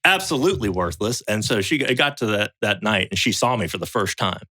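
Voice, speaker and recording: Low-voiced man telling a story. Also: fairly quick, dry recording. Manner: animated storyteller acting out quotes in raised voices; swears freely. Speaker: podcast guest, survival show veteran. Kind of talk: casual storytelling chat.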